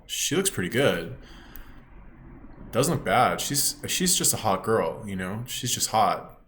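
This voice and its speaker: A man's voice: on the low side, a bit bright. A man giving a ranting reaction commentary as a YouTube commentator, blunt, scornful and swearing often.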